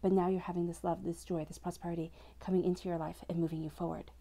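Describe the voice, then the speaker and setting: A woman talks the listener through a tarot spread in a calm, reassuring flow. Her voice is dark and slightly gravelly, and her pitch stays fairly level throughout. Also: fast talker. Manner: flowing, reassuring, addresses listener directly. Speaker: tarot reader. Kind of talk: scripted-free spoken tarot reading to camera.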